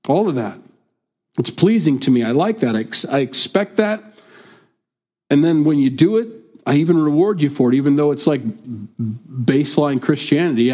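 A male pastor from the United States, with a mid-range, dark-toned voice, preaches a sermon conversationally. He often acts out what other people might say.

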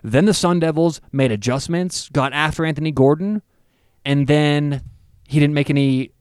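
A man with a smooth, resonant voice sits slightly high in his range as he co-hosts a football preview. He talks through players and stats in a loose, enthusiastic way. The sound is close and dry. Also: normal speed, darkish tone, no room sound. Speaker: sports show co-host. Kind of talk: casual sports analysis chat.

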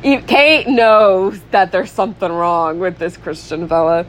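A woman's voice: on the low side, fairly even intonation, measured pace, a little hiss or hum, poor audio. Young woman, podcast co-host, chatty film recap, loose and profane, fillers everywhere. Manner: chatty, peppered with "like", laughs often; swears freely. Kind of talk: casual chat.

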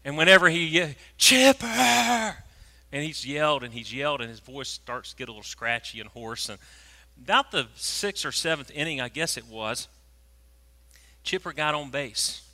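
A preacher, telling a story in a sermon and swinging from hushed tones to loud, animated moments. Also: male voice, mid-range voice, moderate pace. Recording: long reverb of a large hall.

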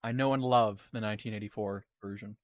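A man's voice: on the low side, steady tone, fast, no echo. A man co-hosting a casual podcast chat, talking in a dry, sarcastic way. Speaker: podcast co-host.

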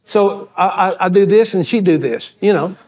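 A man preaching a sermon as pastor, telling folksy, animated stories and acting out the voices of people in them. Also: high voice, normal speed. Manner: folksy, animated storyteller who acts out quoted voices. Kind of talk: storytelling sermon.

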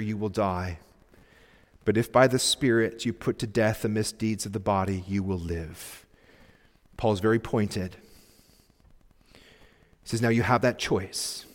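Earnest male pastor in a reverberant church. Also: lowish voice. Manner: earnest, pleading exhortation with sudden soft drops. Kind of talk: sermon. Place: church sanctuary. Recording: long reverb of a church hall.

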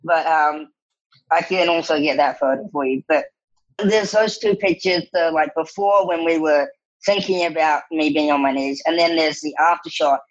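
High-voiced man telling animated stories. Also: moderate pace, highs cut off. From New Zealand. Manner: animated, laughing often, quoting others in lively bursts. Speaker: actor guest. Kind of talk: casual storytelling interview.

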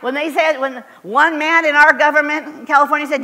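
A woman's voice: sits high, fairly even intonation, fairly quick, bright, forceful tone. Fervent woman preaching in an echoey hall. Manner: fervent and emphatic, with repeated short declarations. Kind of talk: sermon. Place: church sanctuary.

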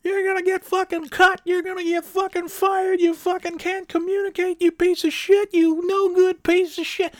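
A shrieking football coach, his voice cracked high and strained as he hurls curses without pause, put on by a man. The delivery is dry and close. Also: flat delivery, no echo. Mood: enraged. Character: screaming abusive male football coach.

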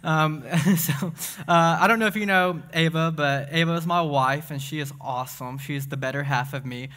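A young man from Tennessee delivers a casual, joke-filled sermon, excitable, fast, and self-deprecating. His bright voice sits on the high side, and he has a speech impediment.

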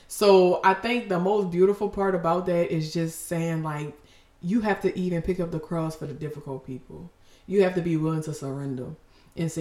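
A woman's voice: lowish voice, fairly even intonation, moderate pace, dark tone, reverberant. A woman hosting a podcast and giving an emotional devotional talk, fervent and preachy, breaking off with exclamations.

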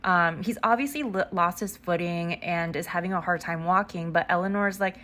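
Her voice is lowish and fairly bright, moving at a normal speed with hardly any pauses as this podcast host loosely recaps a book. She gets sidetracked again and again, saying "like" constantly and swearing casually.

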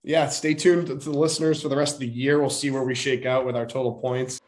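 A man's voice: mid-range voice, fairly even intonation, fairly quick, a little hiss or hum. An upbeat man co-hosts a casual sports podcast. He chats easily as he runs a quiz segment. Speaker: podcast co-host.

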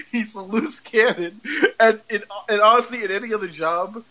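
A high-pitched man with a bright, forceful voice hosts a podcast and recaps a show in a loose, rambling way, laughing as he goes. The recording sounds dull and lo-fi. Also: normal speed. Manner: laughs often while retelling, rambling with repeated "and then". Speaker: podcast host. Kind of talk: casual recap of a TV episode.

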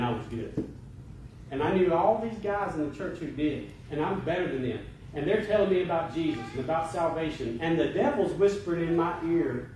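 Male pastor preaching a sermon, fervent delivery, slightly high voice, heavily echoing church sound. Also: darkish tone, a little hiss or hum. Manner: preaching, rising to impassioned emphasis. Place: church sanctuary. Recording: very echoey room, voice from a distance.

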